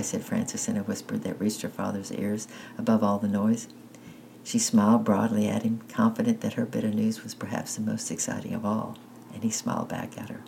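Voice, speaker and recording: A man narrating a children's story aloud, unhurried and plain. His voice is gravelly and dark. He makes small slips and restarts now and then. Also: fairly low pitch, little pitch movement, a little hiss or hum, poor audio.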